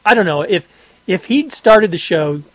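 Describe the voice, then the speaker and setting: A man co-hosting a podcast in casual chat, rambling and halting, often laughing. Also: high-pitched, lively intonation, a bit bright, dry recording, low-quality recording. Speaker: podcast co-host.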